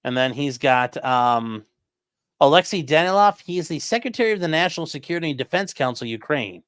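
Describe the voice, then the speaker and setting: A man's voice: a little high, animated, fairly quick, fairly bright tone, clean tone, no room sound, studio quality. Sarcastic, rambling male streamer. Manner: sarcastic, rambling, swears casually. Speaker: livestream host reading viewer donations. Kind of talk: casual livestream commentary.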